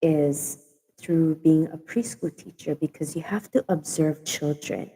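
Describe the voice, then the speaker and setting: A woman's voice: sits low, measured pace, warm tone, big-room sound, slight background noise, rough recording. A woman with a Hawaiian Pidgin accent chatting casually on a livestream, repeating herself for emphasis. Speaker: livestream host. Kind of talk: casual chat.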